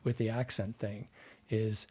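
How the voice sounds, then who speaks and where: A man from Iowa working as a dialect coach, telling animated stories as a podcast guest and acting out the dialogue he quotes. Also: on the low side, unhurried, breathy edge. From Iowa, US Midwest. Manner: animated storyteller who acts out quoted dialogue. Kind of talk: casual podcast storytelling.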